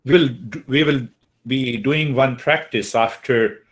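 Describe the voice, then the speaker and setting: Speaking slowly in a medium-pitched voice, a man lectures an online class on Eastern wisdom through a computer mic. He leans on repeating key words and regularly checks in with his listeners in this spiritual talk.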